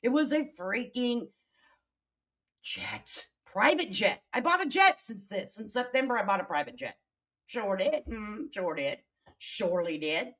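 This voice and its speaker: A woman commenting on online drama during a livestream, reading posts aloud and answering them with sarcasm and sudden loud outbursts. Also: sing-song, unhurried. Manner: sassy, sarcastic, swings between loud outbursts and low mutters.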